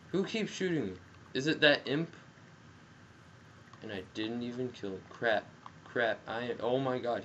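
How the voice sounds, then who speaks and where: Excitable young gamer on a headset. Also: male voice, lowish voice. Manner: excitable, jokey, yells at the game. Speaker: gameplay commentator. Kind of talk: casual gameplay commentary. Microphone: gaming headset. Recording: dull headset audio with faint noise.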